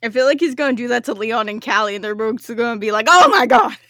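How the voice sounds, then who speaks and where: Woman, high voice, dry close sound, casual chat, quick to laugh. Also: no echo. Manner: laughs easily, swears casually. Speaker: podcast co-player.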